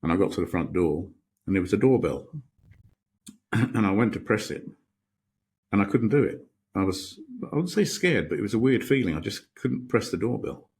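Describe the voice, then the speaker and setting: A man's voice: fairly low pitch, sing-song, normal speed, darkish tone, slightly rough. A middle-aged British man, a podcast guest, telling stories reflectively with many restarts. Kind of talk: storytelling in a podcast interview.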